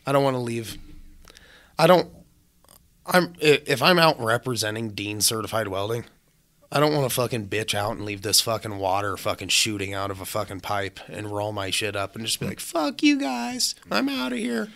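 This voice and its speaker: A man's voice: on the low side, moderate pace. Blunt swearing young welder man. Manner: blunt, heavy swearing, animated storytelling. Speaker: podcast guest, welder. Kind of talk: casual podcast chat.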